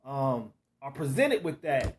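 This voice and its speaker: A man's voice: medium pitch, big pitch swings, takes it slowly, slight background noise. A man hosting an interview who keeps affirming his guest and asks long, searching questions. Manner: affirming, with frequent backchannel responses. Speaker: interview host. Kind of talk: casual interview talk.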